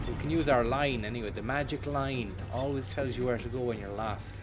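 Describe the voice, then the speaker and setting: A man's voice: medium pitch, brisk, hardly any pauses. A man giving casual, rambling let's-play commentary, joking and swearing as he plays. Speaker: gameplay streamer. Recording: game music playing behind.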